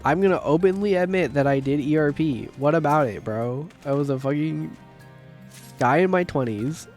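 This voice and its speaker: A man in his thirties chatting casually on a game livestream, rambling and swearing, with sudden loud outbursts. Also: a little high, soft background music. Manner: profane, rambling, quick bursts of shouting. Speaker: streamer. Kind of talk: casual livestream chat while gaming.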